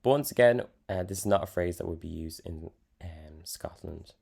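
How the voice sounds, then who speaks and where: Low gravelly man explaining casually. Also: moderate pace. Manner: relaxed, many ums and fillers. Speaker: language teacher.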